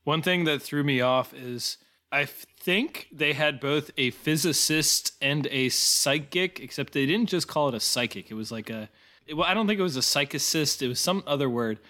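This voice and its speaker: A man's voice: a little high, moderate pace, bright, forceful tone. A man co-hosting a podcast, thinking aloud and musing in a casual review chat. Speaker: podcast co-host.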